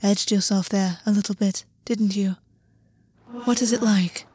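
A woman's voice: mid-range voice, unhurried, darkish tone, natural voice. A woman voicing a lazy, predatory male waterhorse creature who talks in a teasing, commanding way.

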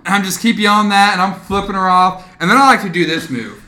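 A young man co-hosting a podcast, telling stories in a profane, animated way in casual chat. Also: sits high, a little fast, hardly any pauses. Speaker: podcast co-host.

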